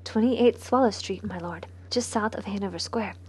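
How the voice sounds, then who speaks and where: A woman voicing a discreet old male butler who speaks quietly and deferentially. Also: medium pitch, normal speed, slight background noise, close to an everyday voice. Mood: confiding.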